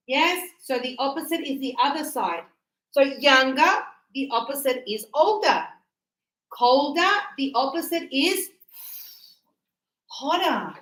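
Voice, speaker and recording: A woman teaching English grammar to a class, stretching out words slowly and checking in with "yes?" and "right?". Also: high voice, lively intonation, fairly bright tone, roomy sound, low-quality recording. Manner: encouraging, checks understanding with tag questions; slow, drawn-out words for teaching.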